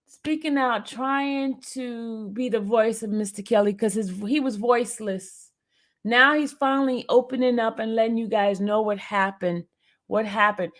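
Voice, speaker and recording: A tearful woman hosting a live stream, pleading with listeners to come up and talk. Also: a little high. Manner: pleading, urging listeners to join. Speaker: livestream host.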